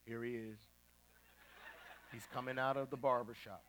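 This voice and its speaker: A preacher imitating a male TV show host who leads a guest to spy on someone, speaking low and hushed. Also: fairly even intonation, moderate pace, lightly acted. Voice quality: low, murmured, very soft.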